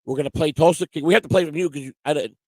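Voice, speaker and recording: A man co-hosting a casual livestream, loud and giddy, repeating himself and laughing a lot. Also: on the high side, racing, dry recording. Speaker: livestream co-host. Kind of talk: rowdy casual livestream chat.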